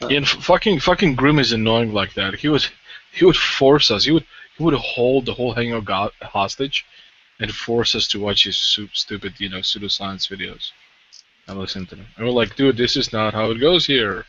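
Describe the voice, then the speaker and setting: A man's voice: fairly low pitch, normal speed, a bit bright, slightly rough, no echo. A man in casual group chat on a video call, speaking emphatically and repeating words. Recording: muffled lo-fi call audio.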